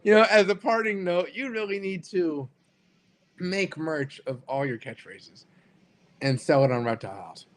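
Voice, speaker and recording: A man's voice: high-pitched, normal speed. A man co-hosting a sports show, chatting casually with laughing, stammering banter. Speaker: sports podcast co-host. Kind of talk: casual chat.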